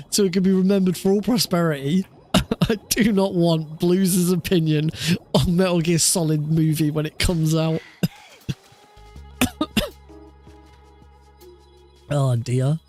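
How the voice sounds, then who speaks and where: A man's voice: on the high side, fairly even intonation, normal speed, a little mellow, soft background music. A man chatting casually on a live stream while practicing a speedrun, laughing often and swearing offhandedly.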